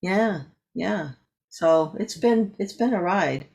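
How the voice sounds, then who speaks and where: A woman coach and speaker, guest on an interview show, telling a story with lively acted-out dialogue. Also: mid-range voice, takes it slowly, vocal fry. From California. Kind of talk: animated storytelling in conversation.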